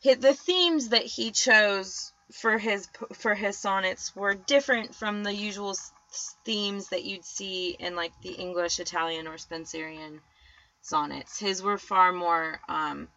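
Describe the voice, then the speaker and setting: A woman's voice: medium pitch, measured pace, sharp tone, rough recording. A woman co-hosting a podcast, explaining in casual chat with fillers and frequent laughs. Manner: chatty, laughs often, loose fillers. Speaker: podcast co-host.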